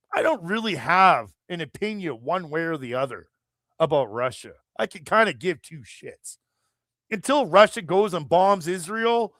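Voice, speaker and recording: A man from Canada rants on his live chat stream, swearing hard and rambling from point to point. His voice sits a bit higher than most men's, and the sound is dry and close, with no room echo. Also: a bit bright. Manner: profane, heated, rambling. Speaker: livestream host. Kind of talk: angry political rant.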